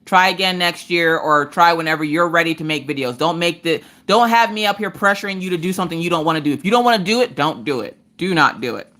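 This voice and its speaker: Her voice sits on the lower side, and she talks fast with hardly a pause. This countrywoman from the eastern U.S. runs a laid-back crafting livestream, addressing her audience head-on with sass and lively enthusiasm.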